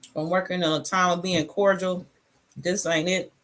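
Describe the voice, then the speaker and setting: A woman's voice: fairly low pitch, moderate pace. Woman rambling through a casual chat. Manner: rambling, reflective, relaxed; talks with food in her mouth. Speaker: channel host. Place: her home.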